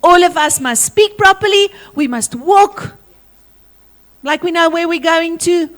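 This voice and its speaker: South african lady teacher running assembly, high voice, bossy but playful, loud. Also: measured pace. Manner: energetic, commanding, playful, calls out to pupils. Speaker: teacher leading a school assembly. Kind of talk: school assembly address. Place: school assembly hall.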